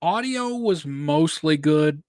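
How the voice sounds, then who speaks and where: Man, candid casual critique, slightly higher voice, dry close sound. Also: animated, takes it slowly, a little mellow, dry recording. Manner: candid, lots of "like" fillers. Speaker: co-host reviewing fan films. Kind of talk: casual review chat.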